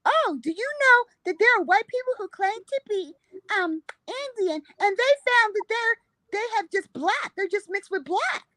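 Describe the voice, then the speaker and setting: A woman mimicking an indignant, defensive woman in a high, whiny tone. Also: lively intonation, normal speed, sharp tone, dry recording, full character voice.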